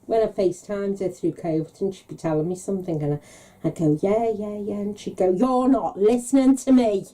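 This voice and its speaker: Mellow, dark-voiced woman storyteller. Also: mid-range voice, a little fast, hardly any pauses. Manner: storytelling, acts out quoted dialogue in a raised voice. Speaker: podcast co-host. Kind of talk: casual chat.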